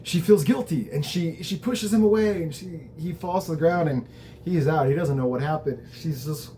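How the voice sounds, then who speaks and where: A man's voice: on the high side, moderate pace, mellow, a little hiss or hum. A man hosting a show, casually recapping a TV episode in a conversational, reflective way, with the odd swear word.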